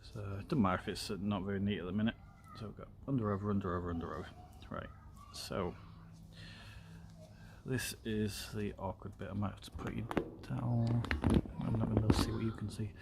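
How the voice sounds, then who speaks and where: A man with a fairly low voice chats loosely as he works through a craft project, filling pauses with ums and drifting into side topics. There is a faint room noise underneath. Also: fairly even intonation, creaky. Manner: rambling, filler-heavy, talks while working with his hands. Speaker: streamer. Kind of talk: casual craft tutorial chat.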